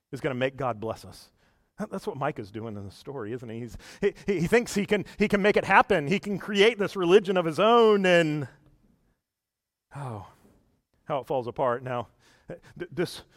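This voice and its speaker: High-voiced male preacher, conversational. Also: fairly bright tone, no echo, clean studio sound. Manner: conversational, drops his voice low for asides, asks the listeners questions. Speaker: pastor. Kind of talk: sermon.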